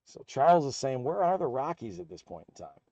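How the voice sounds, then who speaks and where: A man hosting a live card break, calling out player names and teams as packs are opened in a steady, upbeat patter. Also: mid-range voice, brisk, dry recording, muffled recording. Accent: American.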